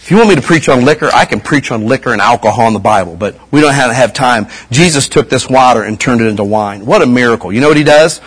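A man's voice: medium pitch, animated, quick pace, hardly any pauses, breathy edge. A middle-aged man giving a casual, folksy sermon as a pastor, full of slang and repeated asides.

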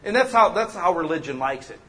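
A man preaching a sermon as pastor, animated and joking, acting out the people he quotes. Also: a little high, a little fast.

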